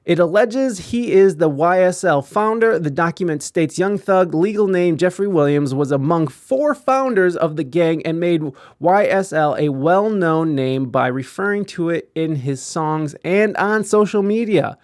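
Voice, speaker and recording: A man giving casual live-stream commentary, profane and animated, often acting out quoted voices. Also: fairly high pitch, unhurried, hardly any pauses, no room sound, clean studio sound.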